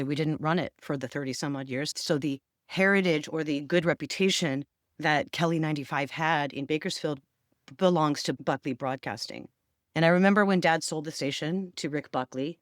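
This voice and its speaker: A woman's voice: low voice, dry recording, studio quality. Candid, emotional middle-aged woman vlogging. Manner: emotional, candid, tearful at times. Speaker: radio personality and therapist. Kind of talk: personal vlog monologue.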